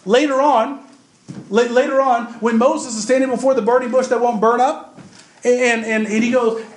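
Pastor, male, high for a man, conversational preacher who keeps questioning the congregation. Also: steady tone, moderate pace, roomy sound. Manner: conversational, emphatic preaching with repetitions; addresses the congregation directly with questions. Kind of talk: sermon.

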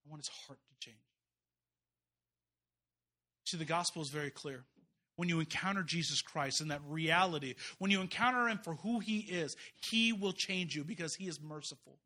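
A man preaching an impassioned, folksy sermon, rising to loud urgent peaks and dropping to quiet asides. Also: fairly high pitch, brisk. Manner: folksy, uses y'all and slang. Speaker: guest preacher.

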